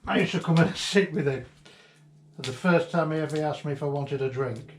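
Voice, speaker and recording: Inside an old house being cleared out, a vlogger with a fairly high voice shares warm, wandering memories of a friend who passed away, chuckling as he goes. He speaks at a moderate pace. The sound is roomy, the mic distant, and there's faint background noise.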